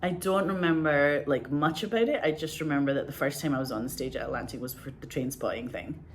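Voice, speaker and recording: A woman's voice: low voice, fast, a little hiss or hum. A woman in her forties, a podcast host, telling stories in a loose, chatty way full of fillers. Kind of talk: casual storytelling.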